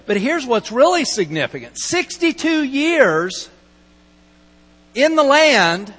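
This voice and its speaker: A man's voice: high voice, fairly bright tone. A middle-aged man pastor giving a conversational, storytelling sermon and acting out quoted lines. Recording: long hall reverb, mains hum.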